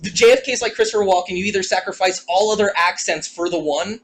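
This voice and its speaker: A man's voice: high voice, quick pace, a little hiss or hum, poor audio. A young man co-hosting a casual podcast chat, rambling and joking and laughing often. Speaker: podcast co-host. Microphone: handheld ball microphone, sometimes held away.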